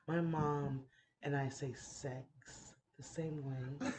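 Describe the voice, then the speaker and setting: A woman hosting a casual chat, playful and giggly, who sometimes drops into soft whispers. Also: sits low, fairly even intonation, slow pace, a little hiss or hum. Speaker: podcast host.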